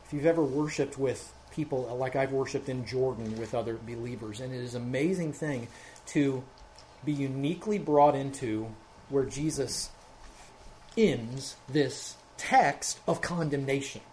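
A man's voice: mid-range voice, measured pace, a little mellow, slight background noise. A man preaching an expository sermon as pastor, working methodically through a Bible passage verse by verse and growing more emphatic as he goes.

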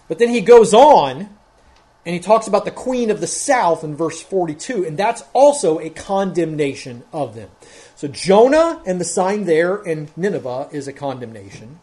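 A man's voice: fairly high pitch, darkish tone. A man preaching an expository sermon as pastor, working methodically through a Bible passage verse by verse and growing more emphatic as he goes.

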